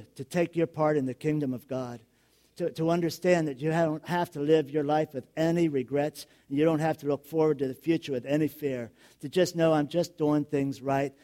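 A middle-aged male pastor giving a sermon, telling stories with frequent chuckles and building to loud, emphatic questions. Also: on the high side.

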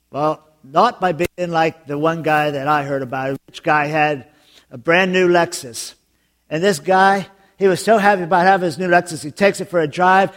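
A man preaching a sermon as pastor, telling jokes and stories in an animated way. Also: fairly high pitch. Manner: joking, animated storytelling with laughs.

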